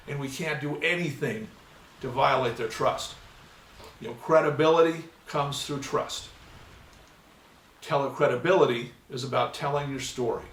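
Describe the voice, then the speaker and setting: A man's voice: mid-range voice, a little hiss or hum. Man lecturing in a roomy hall. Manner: storytelling, acts out dialogue, many fillers. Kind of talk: classroom lecture with anecdotes. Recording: roomy, mic at a distance.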